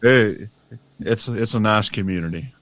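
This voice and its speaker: A man's voice: on the low side, a little slow, a bit bright. A man with a Southern US accent from Alabama, a podcast guest telling stories in an easygoing, joking way. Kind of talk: casual chat.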